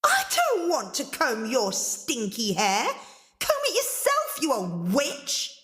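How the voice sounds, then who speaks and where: A woman's voice: high voice, huge pitch swings, slow, fairly bright tone, voice pushed up, heavily acted. A woman storyteller voicing a rude, bratty young girl who whines shrilly and sounds indignant. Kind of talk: storybook character voice.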